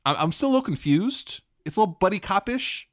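A man co-hosting a podcast, chatting in an excitable, animated way and acting out playful quotes. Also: sits high, fast, no echo, clean studio sound. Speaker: podcast co-host. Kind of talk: casual chat.

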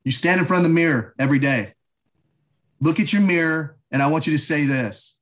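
A man's voice: fairly high pitch, fairly quick, fairly bright tone. A man who is a guest in an interview and a former military instructor, speaking in an upbeat, motivational coaching way. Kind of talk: conversational interview.

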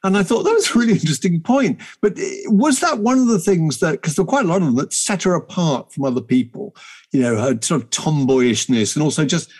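A man's voice: a little high, lively intonation, fairly quick, darkish tone, breathy edge. A man interviewing an author, asking curious, winding questions with many asides. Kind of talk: conversational interview.

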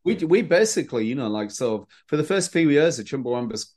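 Animated man telling stories. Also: medium pitch, a little fast. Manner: animated storyteller with frequent restarts. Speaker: podcast guest. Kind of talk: casual anecdotal chat.

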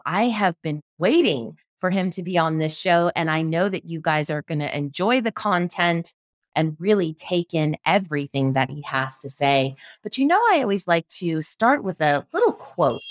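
A woman's voice: lowish voice, dry recording, clean studio sound. A woman hosting an interview show in an upbeat, bubbly way, laughing often. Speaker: podcast host.

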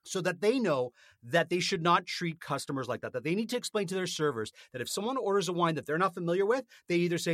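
A man's voice: on the high side, lively intonation, fast, few pauses, fairly bright tone, no echo, studio quality. A man co-hosting a podcast, telling a story in a casual, indignant rant and swearing freely. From North America. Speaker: podcast co-host. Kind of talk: casual chat, ranting story.

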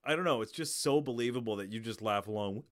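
A man's voice: fairly low pitch, fast talker. A man in casual chat, animatedly retelling a comedy scene, swearing often and laughing mid-sentence.

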